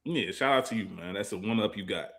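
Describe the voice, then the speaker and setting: Man, podcast co-host, bright voice, lively pitch, teasing banter, laughs often. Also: fast talker, a little hiss or hum. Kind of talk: casual chat.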